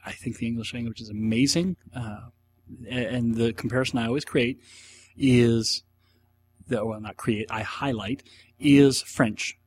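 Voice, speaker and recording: A man's voice: mid-range voice, steady tone, measured pace, slightly rough. A middle-aged man hosting a casual solo podcast, answering listener questions in a rambling, enthusiastic way with rhetorical asides.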